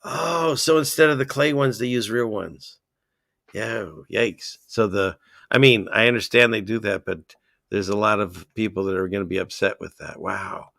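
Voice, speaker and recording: A man hosting a livestream, chatting casually and excitably as he reads out viewer comments and drifts between topics. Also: on the low side, normal speed, creaky, dry recording, studio quality. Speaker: livestream host.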